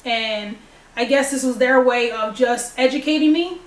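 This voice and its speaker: A woman's voice: high voice, normal speed. A young woman telling a personal story to the camera, acting out the dialogue as she goes. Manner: animated, acts out dialogue. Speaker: vlogger. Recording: echoey room, distant mic.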